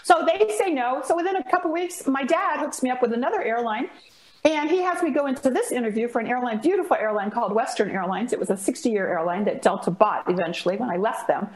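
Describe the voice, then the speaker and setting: A woman's voice: a little high, fast, roomy sound. A woman, a voice coach, telling a story in a casual chat and acting out the people in it. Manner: expressive, acts out dialogue in the story. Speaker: guest, voice coach.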